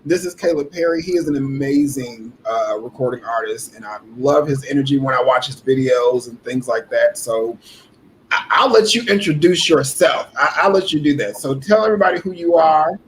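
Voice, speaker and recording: A man's voice: medium pitch, moderate pace, slight background noise, poor audio. A man hosting a casual interview, chatty and laid-back, laughing easily. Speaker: podcast host.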